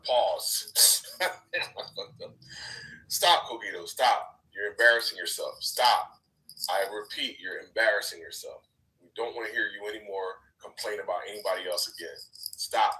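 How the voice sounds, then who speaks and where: A man in a heated live debate in an online voice chat room, scolding and repeating himself, going from low muttering to loud outbursts. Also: normal speed, far from the mic, low-quality recording.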